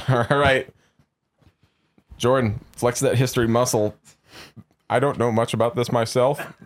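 A man's voice: medium pitch, fairly even intonation, a little slow. A man chatting and laughing with friends on a podcast. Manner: laid-back, laughing. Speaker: podcast co-host. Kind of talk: casual group game chat.

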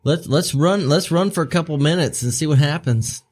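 A man's voice: fairly high pitch, moderate pace, darkish tone, husky. A young man playing a tabletop game, chatting in an easygoing, joking way. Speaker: player. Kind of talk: casual game chat.

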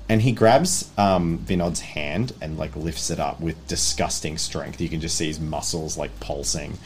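A man's voice: extremely low pitch, unhurried, hardly any pauses, a little mellow, soft background music. A man acting as game master, narrating a tabletop game in a casual, vivid way with lots of fillers.

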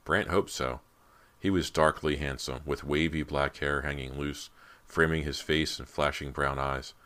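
A man narrating an audiobook in a measured, ominous way. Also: very deep voice, fairly even intonation, sharp tone. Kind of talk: scripted narration.

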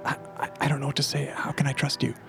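A frightened prisoner stammers in a hushed whisper, put on by a man running the game. His words trip over each other as he hesitates to trust anyone. Music plays clearly behind him. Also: mid-range voice, level tone, normal speed, natural voice. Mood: scared whisper.

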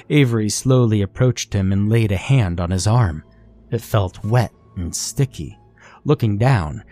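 Slow, low-voiced man narrating horror. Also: warm tone.

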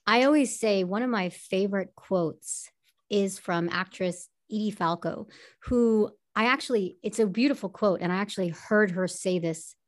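An actress sits in as a podcast guest, telling her story with enthusiasm and vivid, expressive delivery. Her pitch is in a middle range for a woman. She speeds up and brightens when a point excites her. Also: normal speed. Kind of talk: personal testimony in an interview.

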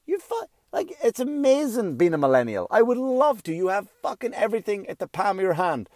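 A man's voice: sits high, big pitch swings, brisk, a little mellow, no echo, studio quality. A middle-aged man doing a profane, ranting stand-up comedy set, acting out little voices as he goes.

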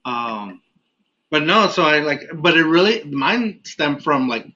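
A laid-back man from Mexico hosts a casual podcast, rambling and filling pauses. His voice is bright and somewhat high. The audio is dull and lo-fi. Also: lively intonation. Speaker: podcast host.

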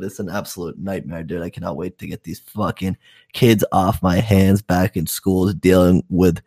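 A man's voice: deep voice, a little mellow. A young man, a youth program counselor, telling profane stories in a rambling casual chat full of "like" and "dude".

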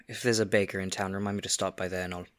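A man's voice: low-pitched, little pitch movement, very fast, a bit bright, dry recording, studio quality. A man playing his character in a tabletop game, speaking plainly and earnestly. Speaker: player. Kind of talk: in-character tabletop role-play.

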